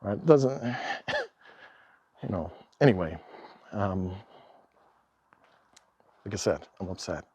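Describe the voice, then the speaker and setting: A man in a casual vlog monologue, talking in an animated, exasperated way, acting out quoted exchanges and laughing often. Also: low voice, slow, pauses often, husky, no echo. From Canada. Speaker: travel vlogger.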